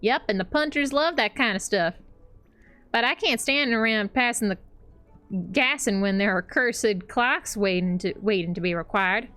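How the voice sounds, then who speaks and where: A woman's voice: a little high, normal speed, pushed and bright, faint music behind. A woman reading the lines of a chatty, eccentric game shopkeeper in a breezy, theatrical way.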